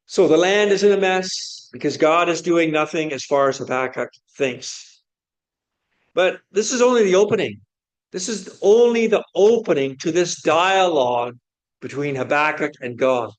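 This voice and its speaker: A man's voice: fairly high pitch, animated, normal speed. A man preaching a sermon, asking many rhetorical questions in an earnest, searching way.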